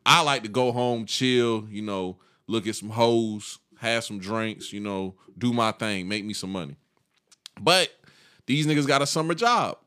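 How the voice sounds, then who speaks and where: A man's voice: lowish voice, a little slow, bright, forceful tone, clean tone. A man in his thirties telling a long, profane story in casual chat, laughing and acting out the people in it.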